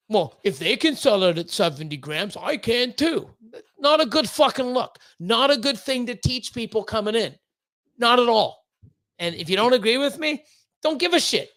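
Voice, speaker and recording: A man's voice: extremely high pitch, fairly bright tone. Profane, ranting reptile-breeder man. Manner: profane, heated and blunt, stumbling over repeated words. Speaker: reptile breeder hosting a livestream. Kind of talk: ranting livestream chat.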